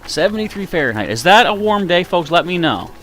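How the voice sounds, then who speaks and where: Man, game streamer, slightly nasal, chatty and self-mocking, animated pitch. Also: fairly quick, slight background noise. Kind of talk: casual live-stream commentary. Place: warm room indoors.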